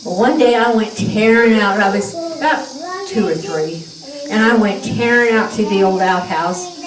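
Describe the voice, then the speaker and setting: A woman's voice: mid-range voice, normal speed, a crowd in the background. Older woman telling folksy stories. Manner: folksy, animated. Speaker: church member telling a story. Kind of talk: humorous personal storytelling. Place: church gathering room. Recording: roomy, distant mic.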